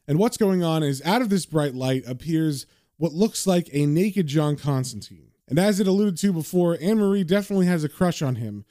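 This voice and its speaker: A man's voice: on the high side, lively intonation, fairly quick, mellow, dry recording, studio quality. A man casually retelling and reading a comic book aloud as host, with conversational fillers.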